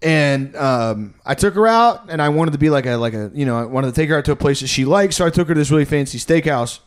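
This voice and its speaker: Man, slightly high voice, casual rambling storytelling, heavy swearing, lots of fillers. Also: animated, fast talker, smooth. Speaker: podcast guest.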